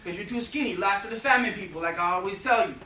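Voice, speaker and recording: A blunt, mocking Irish mother fires loud, rapid questions at her son, as a man with an Irish accent puts her on in a raised voice. The sound is distant and echoey, with a noisy room behind it. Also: high-pitched, pitched above the performer's own voice. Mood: mocking scold.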